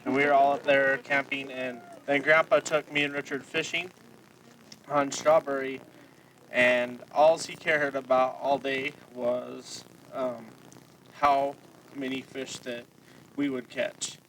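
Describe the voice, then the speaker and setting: Guy talking about his grandpa kinda halting, flat even voice, far off the mic w/ faint hiss. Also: mid-range voice. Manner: hesitant, many fillers and pauses. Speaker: grandson giving a family tribute. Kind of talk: casual spoken tribute. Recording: distant mic, faint background noise.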